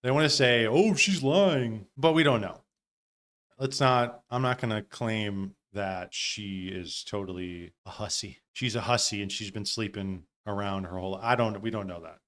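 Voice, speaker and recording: A man's voice: fairly low pitch, fairly even intonation, moderate pace, a bit bright. A man hosting a live stream, commenting casually with loose, profane asides. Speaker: stream host.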